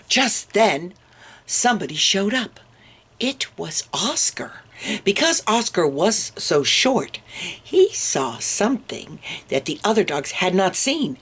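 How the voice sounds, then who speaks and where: Storytime woman reader, slow and low-set, playful asides for kids. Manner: expressive, with asides to young listeners. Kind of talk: reading a picture book aloud.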